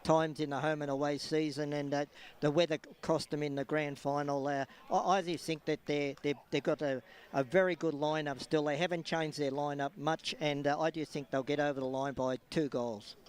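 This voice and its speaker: Male commentator, resonant clear voice, emphatic. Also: fairly high pitch, fairly even intonation, moderate pace. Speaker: radio football commentator. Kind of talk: pre-match radio chat.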